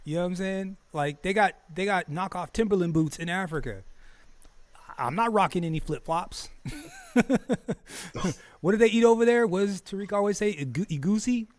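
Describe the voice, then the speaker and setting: Speaking fairly quickly in a voice that sits high, a man hosts a streamed talk show. He's casual and profane, grows heated, laughs often and keeps stumbling over repeated words.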